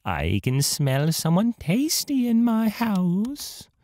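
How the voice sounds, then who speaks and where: A man voicing a squeaky-voiced wicked old female witch from a fairy-tale game. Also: huge pitch swings, takes it slowly, a little mellow, no room sound, exaggerated voice. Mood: menacing.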